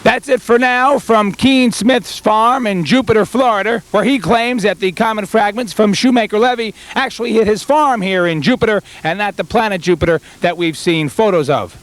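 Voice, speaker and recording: A man as a news reporter in a comedy sketch, with a smooth mock-news delivery. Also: sits high, moderate pace, few pauses, fairly bright tone, no room sound.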